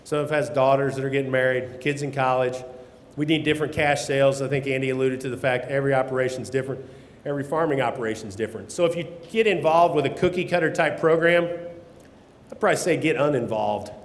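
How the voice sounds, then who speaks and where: A man's voice: medium pitch, quick pace. A man giving a blunt, folksy conference talk, swearing now and then, recorded through a microphone in a conference hall. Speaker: keynote speaker on grain marketing. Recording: echoey hall, long reverb.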